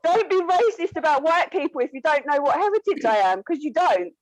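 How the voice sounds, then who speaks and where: A woman from Britain speaking outspokenly in a casual group chat, laughing and firing back quick retorts. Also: sits high, lively intonation, dry recording. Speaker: panel guest.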